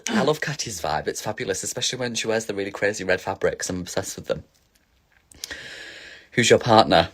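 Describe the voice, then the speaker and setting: A man's voice: lowish voice, lively intonation, fairly quick, pauses often, slightly rough. A man casually chatting on a phone livestream as a drag performer, reading viewer questions aloud and answering with camp, giggly energy.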